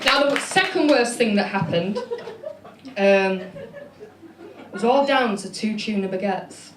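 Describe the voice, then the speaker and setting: A woman's voice: medium pitch, slow, background noise. Young Mancunian woman doing stand-up. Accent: Manchester. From Manchester, England. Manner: chatty, self-deprecating storytelling with lots of fillers. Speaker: stand-up comedian. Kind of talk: stand-up comedy set. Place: comedy club stage. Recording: echoey venue with audience laughter. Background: crowd laughing.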